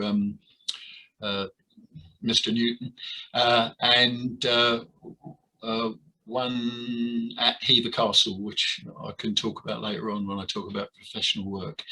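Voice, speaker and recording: An older man being interviewed about his years in amateur theatre, talking with many pauses, fillers and restarts. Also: medium pitch, pushed and bright, breathy edge, rough recording. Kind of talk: reminiscing interview.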